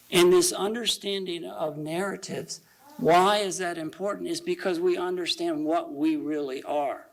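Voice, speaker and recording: A man giving a conversational sermon at a church service, reading quotations aloud slowly and asking the congregation rhetorical questions. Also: high voice, steady tone, vocal fry, low-quality recording.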